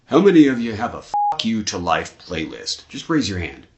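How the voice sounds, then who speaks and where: A man's voice: on the low side, normal speed, loud music behind the voice. A man hosting his own metal channel, telling stories casually and swearing freely, then interviewing a band. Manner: lively, swearing, animated storyteller. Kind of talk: casual storytelling to camera.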